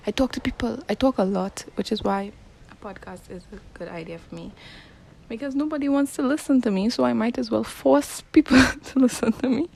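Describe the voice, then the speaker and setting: A woman's voice: a little high, brisk, gravelly, a little mellow. A young woman hosting a casual podcast on a phone mic, rambling and self-deprecating, dropping into whispered asides. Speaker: podcast host. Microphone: phone in a sock.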